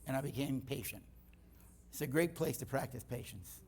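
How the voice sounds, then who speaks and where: A man's voice: mid-range voice, moderate pace, breathy edge. A middle-aged man speaking in church, telling stories and acting out the dialogue. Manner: animated storytelling, acting out dialogue. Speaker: guest speaker. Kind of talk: church teaching talk.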